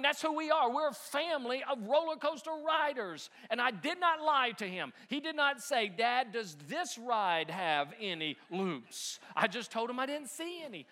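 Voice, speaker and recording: A middle-aged man preaching a sermon, telling a family story with animated energy and laughter, then dropping soft and low to drive home the point. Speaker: pastor.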